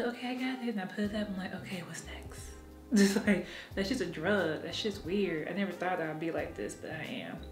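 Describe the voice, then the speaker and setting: A woman's voice: on the low side, roomy sound. A woman vlogging from her apartment, talking frankly and with lots of swearing, laughing at herself as she goes. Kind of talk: casual confessional vlog.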